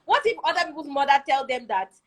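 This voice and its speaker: A woman's voice: high-pitched, lively intonation, fast talker, rough recording. A young woman, speaking earnestly about marriage as a guest and often checking in with her listeners. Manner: earnest, keeps asking "do you see?". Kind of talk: conversational teaching talk.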